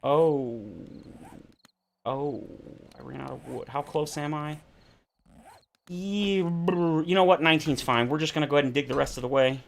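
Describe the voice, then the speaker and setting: A man's voice: on the high side, normal speed, gravelly, pauses often, a little hiss or hum. A man streaming a survival game, chatting casually in rambling, self-correcting tangents. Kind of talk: casual chat while playing a survival game.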